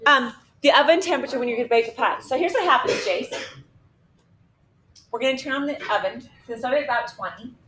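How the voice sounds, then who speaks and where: A middle-aged woman math teacher with a high voice tells stories and talks her class through problems in a chatty, lively way. She is picked up from across an echoey classroom, with a faint hum of room ambience behind her. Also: quick pace. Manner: chatty, lively, often checks in with 'okay?'. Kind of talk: animated classroom storytelling and teaching. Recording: echoey classroom recorded from a distance.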